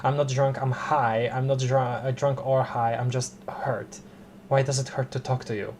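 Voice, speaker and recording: Man, streamer, casual commentary, reads dialogue aloud, puzzled, halting. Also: medium pitch, level tone, a little mellow, slight background noise.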